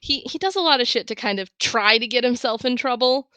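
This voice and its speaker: A woman narrating a tabletop game as game master, in a casual way with quiet asides. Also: a little high, a little fast, clean tone, no echo.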